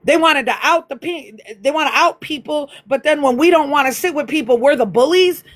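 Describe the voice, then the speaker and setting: Woman streamer on a phone mic, high pitched, blunt and profane, fired-up rant. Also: fairly quick. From US Midwest, near Chicago. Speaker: livestream host. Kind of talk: heated casual livestream rant.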